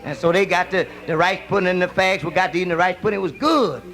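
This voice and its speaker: A man's voice: sits high, fast talker, a bit bright. A man doing live nightclub stand-up, telling raunchy stories with drawling asides like "you dig" and "you see". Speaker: stand-up comedian. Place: nightclub stage.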